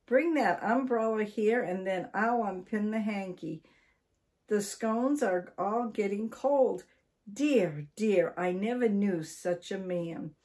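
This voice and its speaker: A bossy, impatient old wife, as a woman reads her aloud, scolding as she talks. Her voice is slow and set a bit higher than the reader's own. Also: expressive, a little mellow. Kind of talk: storybook reading.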